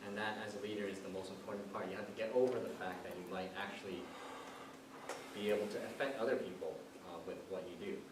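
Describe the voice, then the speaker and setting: A man's voice: on the low side, fairly even intonation, fast. A man giving a chatty impromptu speech at a club meeting, telling a personal story. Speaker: club speaker. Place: meeting room. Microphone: distant room mic. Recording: echoey room, far off, noisy.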